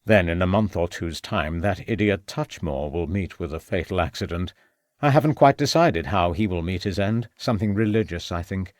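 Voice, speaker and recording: A man's voice: low voice, moderate pace, no room sound, studio quality, close to an everyday voice. A man playing a sneering, gloating villain. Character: scheming, sneering murderous male villain.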